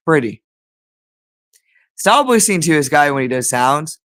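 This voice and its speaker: A man's voice: on the high side, sing-song, measured pace, long pauses, a bit bright. A man delivering an agitated, rambling monologue, repeating himself and swearing often. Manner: agitated, repetitive, profane.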